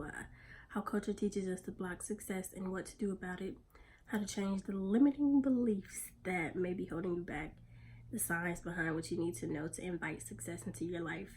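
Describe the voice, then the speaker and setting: A woman's voice: medium pitch, darkish tone, slight background noise. Chatty, slangy woman vlogging on the go. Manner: chatty and slangy, talks straight to viewers. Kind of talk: casual vlog chat. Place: on the go, car and errands.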